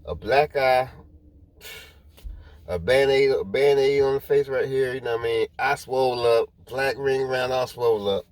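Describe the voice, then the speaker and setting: A man's voice: mid-range voice, moderate pace, a little mellow. Rambling man telling a story to viewers. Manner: rambling, repeats himself, talks straight to viewers. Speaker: vlogger. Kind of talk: casual storytelling to camera.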